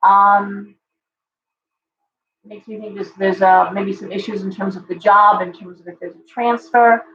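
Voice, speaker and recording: Woman tarot host, live stream, a little hoarse from losing her voice, chatty and reassuring, roomy dull audio. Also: mid-range voice, little pitch movement, a little slow, fairly bright tone. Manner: chatty, reassuring, addresses viewers directly. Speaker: tarot reader hosting a live show.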